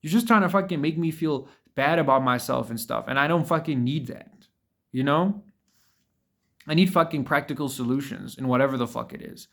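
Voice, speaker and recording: A man's voice: on the high side, normal speed, fairly bright tone. Blunt, profane man giving a motivational rant. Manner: blunt, profane, repetitive, calls listener bro and dude. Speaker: vlogger. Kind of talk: casual motivational monologue.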